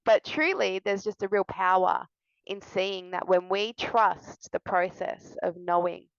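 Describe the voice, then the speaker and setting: A woman's voice: lowish voice, flat delivery, unhurried, clean tone, no room sound. A young adult woman, a somatic healing coach, sharing candidly and earnestly to camera from indoors. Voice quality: soft, earnest, confessional. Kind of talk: candid personal share to camera. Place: indoors with a fan running. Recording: dull lo-fi, dry sound.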